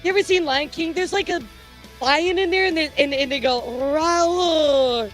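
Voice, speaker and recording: A woman hosts a casual streamer news show, chatting straight to her audience. Her voice sits high, and she rambles, jokes and trips over her words with plenty of fillers. Faint music plays underneath. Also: a little fast, fairly bright tone. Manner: rambling, jokey, lots of fillers and restarts. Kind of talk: casual news commentary to chat.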